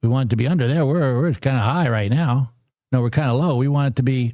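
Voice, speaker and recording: A man hosting a live trading stream, chatting to his viewers in an excitable, casual way and repeating numbers aloud as he works. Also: medium pitch, fast talker, no echo, clean studio sound. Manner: excitable, talks to viewers and chat. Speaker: livestream trading host.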